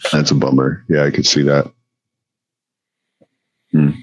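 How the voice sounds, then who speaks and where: A man's voice: very deep voice, little pitch movement, unhurried, no echo. A man from the Upper Midwest, chatting casually on a podcast in a laid-back way, with lots of easy yeps and mm-hmms. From Upper Midwest US near the Canadian border. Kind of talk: casual chat.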